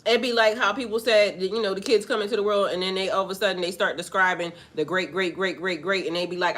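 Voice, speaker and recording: A woman giving a casual spiritual monologue to her viewers, profane and animated, laughing often. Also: mid-range voice, quick pace, few pauses. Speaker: spiritual reader.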